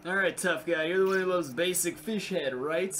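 Excitable high-voiced young man gaming. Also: normal speed, soft background music. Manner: excitable, profane, talks to game creatures. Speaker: gameplay video creator. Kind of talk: casual let's play commentary.

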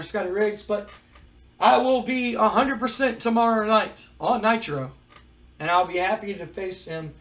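A man's voice: sits high, a bit bright, voice pushed up, poor audio. A man voicing a vain young male wrestler who smugly excuses himself from a match.

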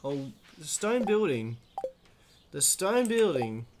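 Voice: medium pitch, sing-song, slow pace, a little mellow, slight background noise. A let's play host giving chatty, exclaiming commentary while playing, talking back to the game's characters. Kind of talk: casual gameplay commentary.

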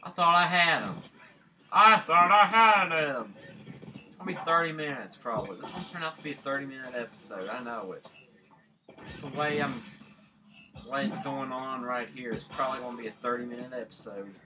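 Excitable gamer shouting at the game. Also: mid-range voice, brisk. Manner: repeats words, rambling asides. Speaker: gameplay commentator. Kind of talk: let's play commentary. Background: game music.

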